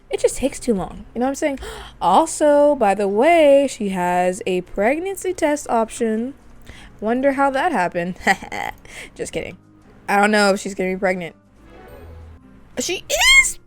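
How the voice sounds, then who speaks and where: Woman, let's play commentary, chatty, storytelling, mid-pitched voice. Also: darkish tone. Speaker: gaming video host.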